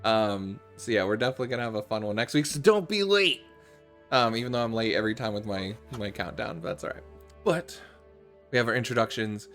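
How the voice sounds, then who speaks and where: A young man runs a tabletop game with loose, energetic talk full of fillers. His voice sounds a little worn and strained. Music plays faintly behind him. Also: on the low side, brisk. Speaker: game master.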